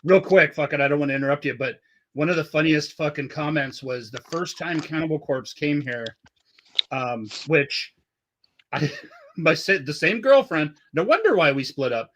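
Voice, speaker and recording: A man's voice: on the high side, normal speed, fairly bright tone, a little hiss or hum. A man hosting a podcast from Southern California, telling stories in a loose, profane way and laughing often. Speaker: podcast host. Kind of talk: casual podcast chat.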